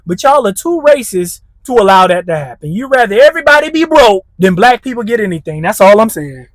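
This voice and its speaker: A man's voice: sits high, very animated, fairly quick, dry recording. A man hosting a reaction commentary, blunt and heated, with street slang. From United States. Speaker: commentary channel host.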